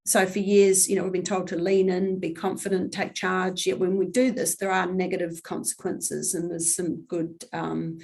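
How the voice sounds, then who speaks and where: A middle-aged woman gives an earnest, candid talk as a guest speaker, pausing often with thoughtful ums. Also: on the low side. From New Zealand. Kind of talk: earnest talk on workplace equality.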